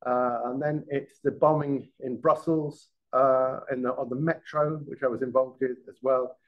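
A man's voice: mid-range voice, steady tone, normal speed, dull audio. A middle-aged man, a former police detective, giving a live classroom lecture, often restarting words and checking in with the class. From England.

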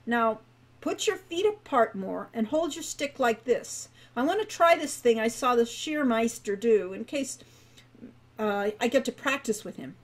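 A brash teenage boy from a fantasy storybook, read by a woman, full of stubborn confidence and itching for a fight. He boasts and teases, brushing off every warning, in a slightly high voice. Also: animated, measured pace. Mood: eager. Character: eager cocky teenage boy hero.

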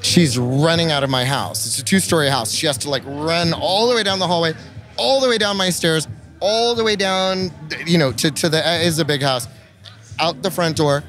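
Animated, higher-voiced male musician telling a story. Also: normal speed, faint music behind. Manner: expressive and profane, with lively acted-out quotes. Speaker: musician guest. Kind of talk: animated anecdote-telling in an interview. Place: trade show convention.

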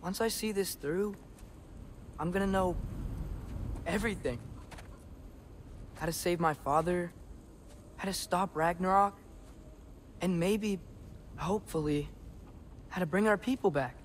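An eager teenage god's son. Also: male voice, high voice, unhurried, long pauses, a little hiss or hum.

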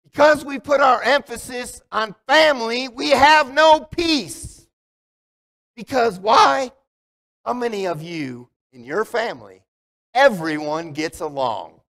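A male pastor with a high, expressive, slightly bright voice preaches slowly in a conversational sermon, putting questions to the congregation. The church sanctuary gives the recording a long hall reverb.

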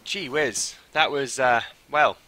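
A young man streaming a game live, who swings from mumbled asides to loud, panicky shouts. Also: mid-range voice, slow pace. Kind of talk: live gameplay commentary.

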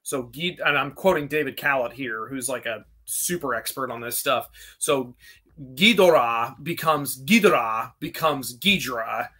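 A man's voice: mid-range voice, normal speed, hardly any pauses, pushed and bright, breathy edge. A man in casual chat, answering questions in a rambling, self-interrupting way with frequent laughs. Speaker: guest kaiju expert.

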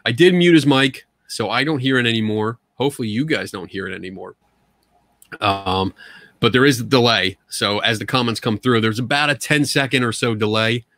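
A man's voice: medium pitch, brisk, a bit bright, dry recording. A man hosting a casual livestream chat from home on a computer mic, talking loosely with frequent laughs and repeated words. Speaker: show host. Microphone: computer mic on video call.

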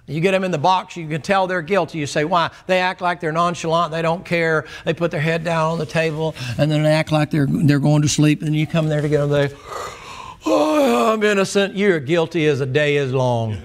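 A man preaching a sermon as the pastor, telling the story in a folksy, animated way. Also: a little high, brisk, few pauses.

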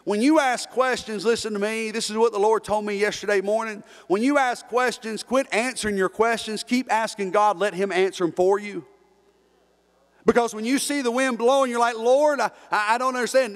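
A pastor preaches with a high, ringing male voice. He repeats key phrases and pulls the congregation in with call-and-response. His voice carries a long echo through the church sanctuary. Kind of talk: sermon. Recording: long reverb in a church hall.

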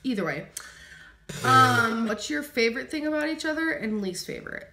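A woman's voice: on the high side, expressive, normal speed, creaky, over music. A woman vlogger reading viewer questions and chatting casually in a couple Q&A, with loose, giggly phrasing. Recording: roomy echo.

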